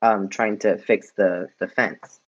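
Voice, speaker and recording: A man's voice: fairly low pitch, steady tone, slow, a crowd in the background. A man guesting on a podcast, chatting casually and wryly about a movie. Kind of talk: casual movie-review chat. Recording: dull lo-fi sound.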